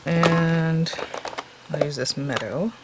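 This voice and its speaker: A woman whose voice sits low takes her time as she walks through card making in a casual crafting video. She chats and voices her thoughts as she works, and she sounds a bit tired. The recording is very noisy.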